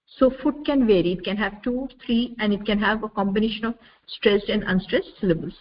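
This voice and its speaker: A woman from India giving a measured university lecture over slides, explaining step by step with frequent "uh" fillers. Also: medium pitch. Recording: dull lo-fi recording with faint noise.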